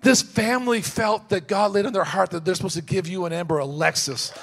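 A man preaching a sermon, telling a personal story with swings from hushed asides to shouted, fervent peaks. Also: sits high, brisk, creaky, slight background noise.

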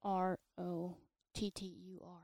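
A woman's voice: fairly low pitch, little pitch movement, slow pace, darkish tone, dry recording. A woman, a soccer player, chatting easily as a podcast guest and telling stories. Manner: easygoing, storytelling. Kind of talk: casual interview chat.

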